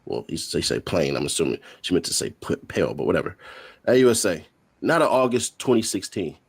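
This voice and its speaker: A man hosting a stream, reading courtroom testimony aloud with quick joking asides. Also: low voice, very animated, creaky, slightly rough. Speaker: host. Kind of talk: reading court transcript updates.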